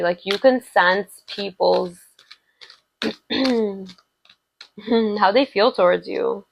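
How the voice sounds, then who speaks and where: A woman's voice: medium pitch, very slow, gravelly, long pauses, slight background noise, low-quality recording. A woman giving a casual, rambling tarot love reading, full of filler words and affirmations. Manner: chatty, rambling, many "like" fillers, warm affirming tone. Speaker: tarot reader.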